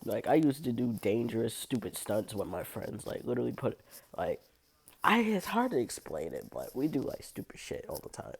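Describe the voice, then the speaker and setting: A young woman with an unusually low voice, telling a blunt, profane story about her cleaning job in a casual vlog. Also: very animated, normal speed, gravelly, a little mellow, breathy edge. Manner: blunt, profane, heavy use of "like", laughs often. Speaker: restroom and locker room cleaner.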